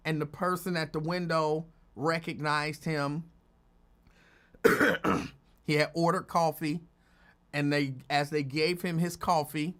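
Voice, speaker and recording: A man tells a story on his talk show. His pitch swings high when he acts out other people's lines, and his delivery stays loose and animated. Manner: animated, acts out quotes with big pitch jumps. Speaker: radio host. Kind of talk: casual storytelling chat.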